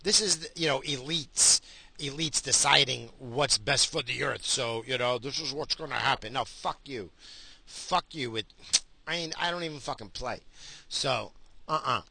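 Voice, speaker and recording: Bright-voiced swearing man ranting. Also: unhurried, vocal fry, slightly rough. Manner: angry, swearing, loud outbursts; mocking, drifting into sudden high voices. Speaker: vlogger. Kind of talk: profane rant to camera.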